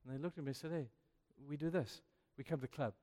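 An older man's fairly high voice moves at a quick pace as he preaches through stories. He animatedly acts out each exchange, his voice rising with growing energy, in a long-reverb hall.

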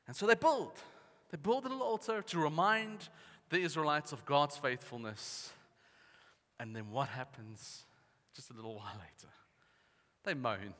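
A man preaching a lively sermon, acting out the voices of the people in his stories. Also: sits high, normal speed. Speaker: pastor. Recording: reverberant hall.

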